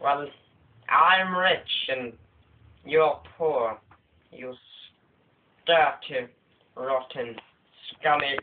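A snobbish rich boy who drawls his insults slowly and high, as a young man puts him on. The voice is thin and tinny, like a cheap home video with faint hiss underneath. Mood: sneering.

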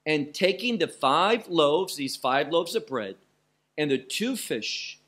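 A man teaching through a Bible passage verse by verse, preaching emphatically and stressing single words with pauses. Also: on the high side, expressive, a bit bright.

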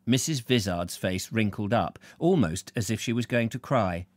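A man narrating a novel aloud in a live reading, expressive, correcting his slips as he goes. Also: on the low side, normal speed, no echo.

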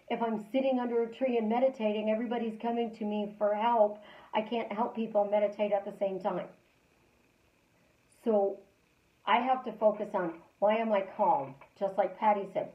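A woman life coach hosts a live stream, talking casually, telling stories in a chatty way, and repeating calm affirmations. Her voice is medium-pitched, and the audio is dull with a roomy sound.

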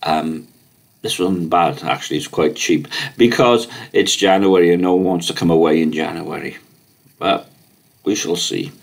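A man's voice: low voice, normal speed, gravelly. A man chatting casually in a rambling, chatty vlog, with many fillers. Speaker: vlogger.

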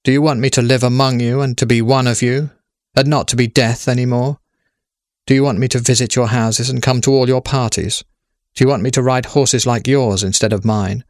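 A man voicing Death as a golden-haired young woman, speaking in a measured, solemn way with pleading questions. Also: medium pitch, steady tone, no echo, studio quality, voice pushed up, close to an everyday voice.

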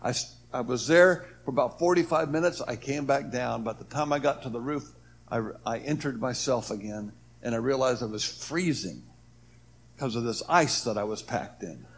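A man's voice: medium pitch, normal speed, a little hiss or hum. A man giving a personal testimony, earnest, his voice swelling and dropping as he acts out what others said. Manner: earnest, voice rises and falls with the story, acts out quoted speech. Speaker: speaker telling his near-death story.

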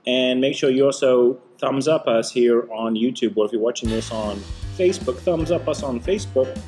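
A man hosting a casual taste-test vlog with his son, chatty, explaining things and teasing gently. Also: medium pitch, moderate pace, soft background music. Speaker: host and dad.

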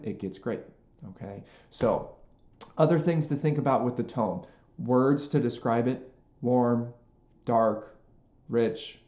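A man's voice: medium pitch, dark tone. A man, a music teacher, giving an earnest lesson to band directors and checking in often with "okay?" and "right?". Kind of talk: instructional talk to band directors. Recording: roomy echo.

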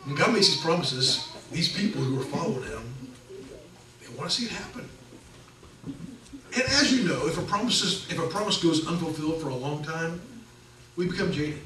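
A middle-aged man preaching a sermon in a relaxed, conversational way, slipping into the voices of the people in his stories. His voice sits a little high for a man. He is picked up from some distance in an echoey church with faint noise in the background. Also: moderate pace, pauses often. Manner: conversational, animated storytelling with acted quotes. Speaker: pastor. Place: church sanctuary.

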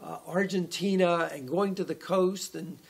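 A man's voice: high-pitched, fairly even intonation, a little slow, creaky, breathy edge, full character voice. A man voicing a boastful, chatty talking horse in a sermon story. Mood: bragging. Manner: chatty bragging. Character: boastful well-traveled talking male horse.

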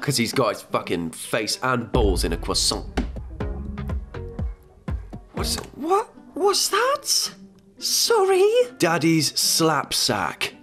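A man's voice: mid-range voice, a bit bright. A young man giving comedic reaction commentary, exasperated and sweary, with grossed-out outbursts.

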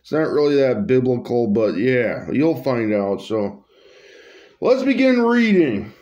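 A man's voice: mid-range voice, big pitch swings, measured pace, a little mellow, lo-fi sound. A man reading out his own comic story, rambling through hesitant asides full of fillers.

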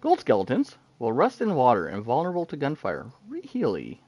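A man giving live commentary while he plays a game, excitable, talking to himself and laughing often. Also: medium pitch, normal speed, husky, no room sound, muffled recording. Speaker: gaming streamer.

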